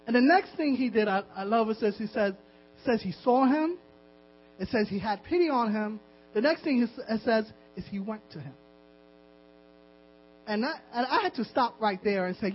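Male preacher, very high-pitched and husky, urgent repeated exhortations, lo-fi hum. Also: animated, moderate pace. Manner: impassioned, repetitive exhortation with laughs. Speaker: pastor. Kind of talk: sermon. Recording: dull lo-fi recording with mains hum.

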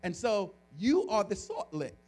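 A man with a high voice preaches to his congregation. He tells a personal story in a lively, animated way. He often restarts his phrases and breaks into laughter. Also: a little slow. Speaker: pastor. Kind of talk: storytelling sermon.

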